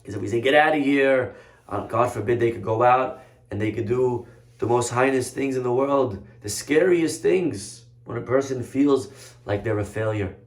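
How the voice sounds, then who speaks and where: A male rabbi telling a story to the congregation, animated and conversational, with plenty of questions directed back at them. His voice sits mid-range, and the room gives it a noticeable echo. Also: mid-range voice, normal speed. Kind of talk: sermon storytelling. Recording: roomy echoey room.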